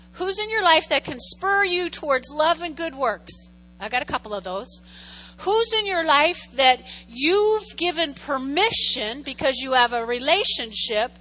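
Woman pastor, middle-aged, teasing sermon, bright tense voice, light hum underneath. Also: high-pitched, a little slow, long reverb tail, rough recording. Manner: lively, teasing, talks straight to the congregation.

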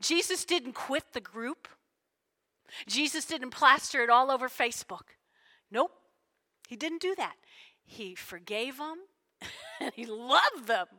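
A woman pastor preaching a lively sermon to her congregation, playfully acting out the people she quotes. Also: sits high, takes it slowly, long pauses. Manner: animated, playful, acts out quotes with big shifts. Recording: long hall reverb.

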